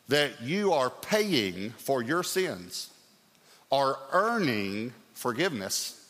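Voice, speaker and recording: A middle-aged man preaching a sermon as pastor, telling stories in an animated, lively way. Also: mid-range voice. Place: church sanctuary. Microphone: stage mic. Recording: long hall reverb.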